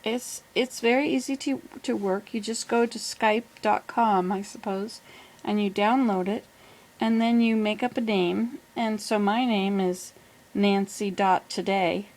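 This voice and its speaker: A woman's voice: mid-range voice, steady tone, unhurried, darkish tone, poor audio. Rambling older woman, chatty home update. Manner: rambling, friendly, self-correcting. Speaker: vlogger. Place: home in the southern US. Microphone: plug-in computer microphone.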